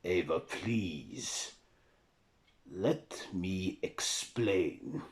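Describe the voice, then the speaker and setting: A man voicing an old, proud vampire count with a Romanian accent, speaking slowly, formal and aloof. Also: fairly low pitch, very animated, exaggerated voice. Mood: coaxing.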